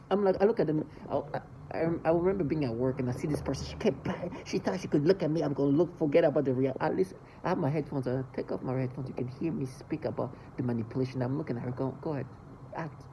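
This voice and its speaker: Fast and agitated, the vlogger addresses the camera in a raw monologue at middle pitch, full of curses and alternating between loud bursts and quiet mumbling. A faint noise runs beneath it.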